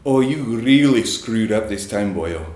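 Guy doing a gruff straight-faced scottish security man, fake scottish accent, low voice, echoey room. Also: lively intonation, measured pace, darkish tone. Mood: stern.

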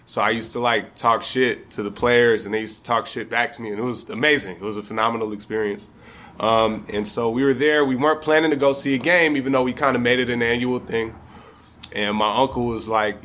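A man's voice: mid-range voice, fairly even intonation, brisk, a bit bright. A man from Michigan telling a funny personal story to a live audience, casual and profane, often chuckling.

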